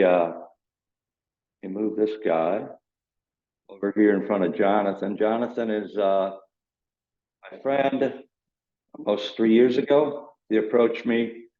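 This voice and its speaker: A man hosting his own channel in a casual, rambling vlog talk, still in his morning voice and clearing his throat. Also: lowish voice. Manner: rambling, loosely explaining. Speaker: channel host. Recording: roomy, dull lo-fi sound.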